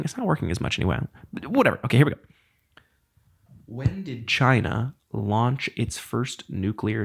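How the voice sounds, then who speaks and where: Man around 30, solo podcast host, lowish gravelly voice, rambling and self-deprecating. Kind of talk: casual solo podcast monologue.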